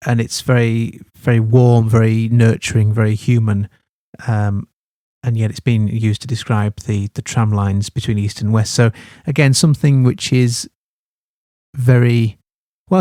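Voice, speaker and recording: A man's voice: on the low side, dark tone, dry recording, studio quality. A man teaching a study guide, thinking aloud with many fillers and restarts.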